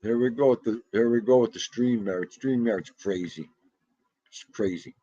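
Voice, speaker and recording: A middle-aged man hosts a livestream, laughing as he chats casually with live viewers and responds to what they type. His voice is mid-range and mellow at a normal speed, and the dull-sounding audio carries no room sound.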